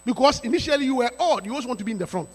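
High-voiced emphatic man preaching. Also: lively intonation, racing, breathy edge. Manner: emphatic, repetitive preaching with rising shouts. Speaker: pastor. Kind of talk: sermon. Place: church sanctuary. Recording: reverberant church hall.

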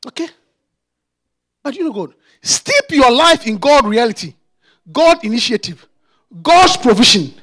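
High-voiced, impassioned man preaching. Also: very animated, measured pace, long pauses. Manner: impassioned, repeats rhetorical questions, builds to shouts. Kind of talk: sermon.

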